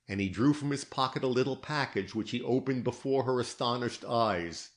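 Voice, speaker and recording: A man with a mid-range voice delivers scripted audiobook narration, his storytelling calm and evenly paced.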